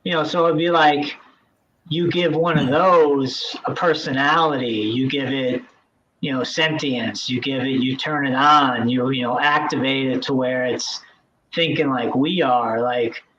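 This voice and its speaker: A man's voice: medium pitch, fairly bright tone, muffled recording, slight background noise. A man hosting a casual tech podcast chat, rambling and full of fillers and restarts. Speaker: podcast host.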